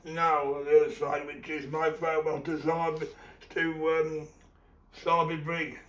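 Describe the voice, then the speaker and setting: A man presenting an old record, speaking casually and hesitantly with many pauses and ums. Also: fairly high pitch, completely flat delivery, fairly bright tone, recorded from a distance. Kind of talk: casual spoken introduction. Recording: roomy sound from away from the mic.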